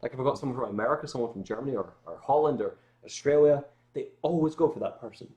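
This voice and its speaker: Fast-talking Scottish man, chatty. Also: mid-range voice, warm tone. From Scotland. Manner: rambling, heavy on filler words, quick jokey asides. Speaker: guest musician. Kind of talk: casual livestream chat.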